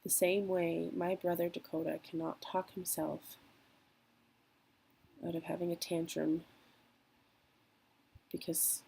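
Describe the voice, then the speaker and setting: Husky, low-toned young woman vlogging. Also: little pitch movement, dark tone, rough recording. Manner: candid, emotional, trailing pauses. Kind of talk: personal confessional vlog.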